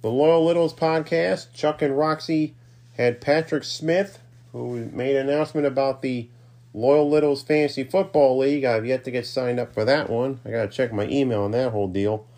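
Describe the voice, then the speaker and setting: A man hosting his own podcast, reading listener shout-outs in a rambling, self-deprecating way with offhand asides. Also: mid-range voice, steady tone, normal speed. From New York's Capital Region. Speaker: podcast host.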